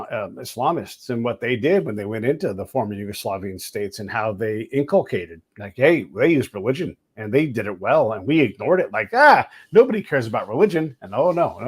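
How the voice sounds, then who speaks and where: Male podcast host, mid-pitched, husky, casual and blunt storyteller. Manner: animated anecdotes with blunt language.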